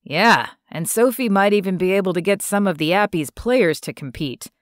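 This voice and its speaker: A woman's voice: medium pitch, animated, moderate pace, no echo, studio quality, close to an everyday voice. A woman voicing a young man who works at a bar, matter-of-fact and explaining things, in an audiobook.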